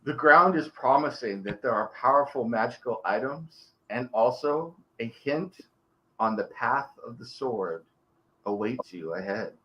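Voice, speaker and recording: A man's voice: mid-range voice, lively intonation, unhurried, muffled recording. A man running a tabletop game as game master, describing scenes and explaining options.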